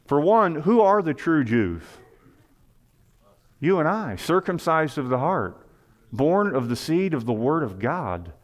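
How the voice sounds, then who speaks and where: A man's voice: fairly high pitch, big pitch swings, slow. A man preaching a sermon in church, earnest, with rising and falling emphasis and rhetorical questions to the congregation. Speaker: pastor. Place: church sanctuary.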